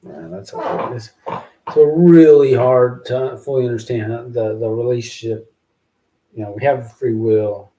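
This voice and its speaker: A man hosting a show, thinking aloud in a halting, musing way as he works out verses, repeating phrases to himself. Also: mellow, a little hiss or hum. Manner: slow, low-key, self-questioning. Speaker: podcast host writing rhymes. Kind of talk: casual thinking aloud while writing verses.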